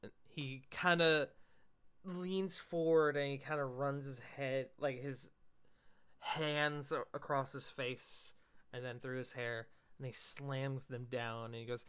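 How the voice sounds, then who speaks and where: A man's voice: medium pitch, steady tone, slow, a bit bright, clean tone. A man narrating a tabletop game as game master, in a loose, descriptive way, with background music.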